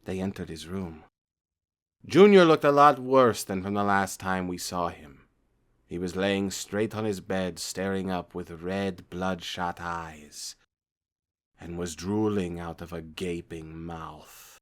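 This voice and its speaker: Speaking slowly in a low voice, this narrator reads a first-person horror story aloud in a plain storytelling style, tripping over words now and then.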